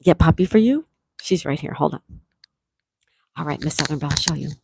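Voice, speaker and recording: A woman's voice: low-pitched, animated, a little fast, creaky, very noisy. A woman hosting a casual livestream from home, reading out viewer comments and greeting people by name in a chatty, upbeat way. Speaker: livestream host. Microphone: remote mic.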